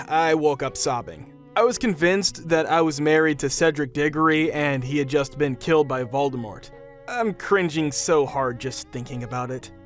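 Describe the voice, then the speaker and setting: A man narrating a string of funny anecdotes in an even, read-aloud storytelling way. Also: on the high side. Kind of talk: reading online anecdotes aloud.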